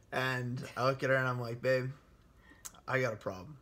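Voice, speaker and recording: Young man in his 20s, bright forceful voice, animated casual storyteller. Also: medium pitch, normal speed. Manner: animated, laughs often, quotes himself. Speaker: vlogger telling his proposal story.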